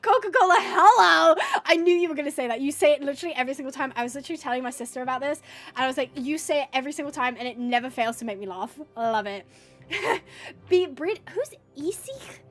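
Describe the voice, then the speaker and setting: Chatty high-voiced woman streamer. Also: expressive, fast, faint music behind. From United Kingdom. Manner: chatty, bubbly, reads out and answers chat. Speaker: gaming livestream host. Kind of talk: casual live-stream chat with viewers. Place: at home.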